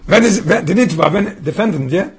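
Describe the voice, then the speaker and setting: A man's voice: high voice, animated, fairly quick. A man teaching a Torah study class, often asking the students questions and restarting his phrases.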